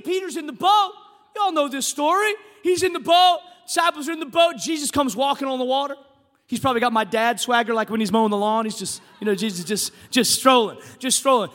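A middle-aged man, a pastor preaching a sermon in an animated way, moving from quiet storytelling to shouting. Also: high voice, in a large hall.

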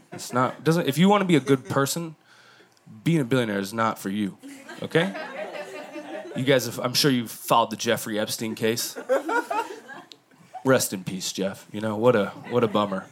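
A man doing a crude stand-up comedy set, riffing and talking straight to the crowd. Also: fairly low pitch. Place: comedy club stage. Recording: live club audience. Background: audience laughing.

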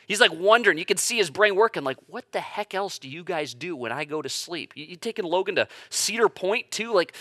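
A man in his thirties gives a sermon in a bright, forceful voice that sits a little high. He talks conversationally, stumbling over word starts and building to emphatic peaks. The sound is dry and close, with no room around it. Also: no echo. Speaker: pastor. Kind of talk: sermon with personal stories.

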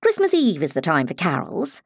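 Miriam, a brisk severe lady, read by a woman. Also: lowish voice, huge pitch swings, dry recording, clean studio sound, full character voice. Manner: crisp and severe, a bit absent-minded. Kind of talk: audiobook character voice.

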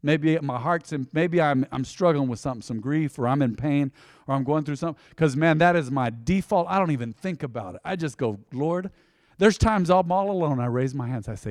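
A man's voice: fairly high pitch, animated, normal speed, no echo, studio quality. Fervent male pastor preaching. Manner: conversational preaching, drops to a hush then surges loud. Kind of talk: sermon.

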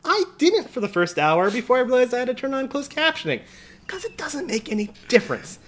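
A man's voice: very high-pitched, big pitch swings, a little fast, fairly bright tone. A man co-hosting a casual film review chat, blunt and profane, ranting about a movie he dislikes. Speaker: podcast co-host.

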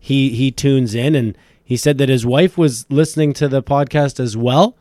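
A man's voice: medium pitch, normal speed, darkish tone, no room sound. Chatty male hockey podcast host. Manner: loose, chatty, swears casually. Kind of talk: casual podcast chat. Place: small studio at a bar.

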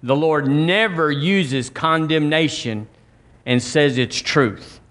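A middle-aged man preaching a sermon as pastor, folksy and conversational with quick asides. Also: a little high, a bit bright.

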